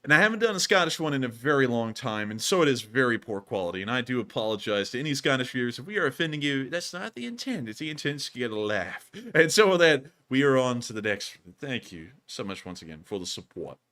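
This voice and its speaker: A man hosting a casual live stream, animated and quick to laugh. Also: mid-range voice. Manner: animated, laughs often, says y'all. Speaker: host.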